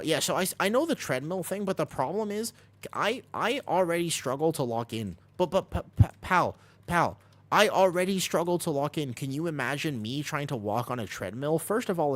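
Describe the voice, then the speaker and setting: A man live-streaming a video game, talking quickly and casually over the action as he guides his team and answers chat from his home streaming room. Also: medium pitch. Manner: talks fast over gameplay, jumps between coaching and chatting. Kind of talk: live gameplay commentary and chat.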